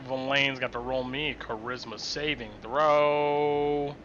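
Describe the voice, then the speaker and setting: A man's voice: mid-range voice, fairly even intonation, slow pace, a bit bright, dull audio, a little hiss or hum. A man running a tabletop game as game master over voice chat, narrating with hesitant fillers and restarts.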